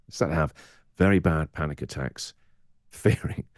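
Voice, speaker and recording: A man's voice: a bass voice, measured pace, no echo, clean studio sound. A middle-aged English radio presenter speaking candidly as a podcast guest, acting out his inner voice in quoted asides.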